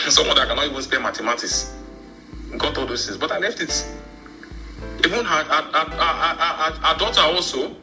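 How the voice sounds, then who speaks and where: A Nigerian man recounts his own story in a rambling, halting way, doubling back on his words. His voice is very bright and cutting, a bit higher than most men's, with faint music under it. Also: low-quality recording. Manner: rambling, with many repeated words. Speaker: church member telling his story. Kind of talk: personal storytelling.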